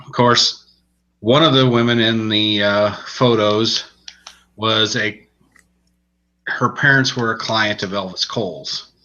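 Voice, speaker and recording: A man with a low voice and a sharp, forward tone recaps a crime novel on a podcast in loose, rambling chat. The recording is muffled and lo-fi. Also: takes it slowly, long pauses. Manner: relaxed, rambling storytelling with restarts. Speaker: podcast co-host reviewing books. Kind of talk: casual chat.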